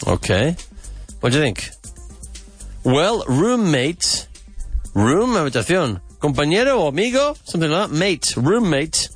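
A man hosts a podcast vocabulary lesson, his voice sitting a little high and swinging widely in pitch. He repeats each word slowly and with emphasis. Faint music plays underneath. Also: big pitch swings, breathy edge, no room sound. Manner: slow, emphatic repetition of words. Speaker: English teacher and podcast host.

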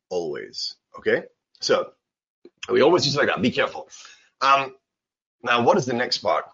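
A man's voice: mid-range voice, very animated, normal speed, long pauses, pushed and bright, slightly rough. A man teaching an English lesson in a casual, playful way, acting out little dialogues with exaggerated voices. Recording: slightly dull, lo-fi sound.

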